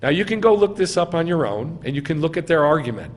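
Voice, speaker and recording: Quick-paced and sing-song, a fairly high-voiced man gives a teaching sermon as a rabbi in a synagogue sanctuary. He quizzes the congregation, answers his own questions with emphatic stress, and the hall gives his voice a long reverb.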